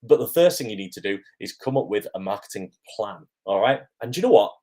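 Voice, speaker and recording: A man's voice: fairly low pitch, expressive, brisk, warm tone. A man, an acting coach answering viewers' questions on a live stream in a friendly, chatty way with frequent ums.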